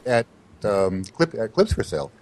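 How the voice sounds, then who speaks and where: Low-voiced wry male podcast host. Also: big pitch swings, normal speed, a little mellow. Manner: wry, joking interviewer. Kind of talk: casual podcast chat.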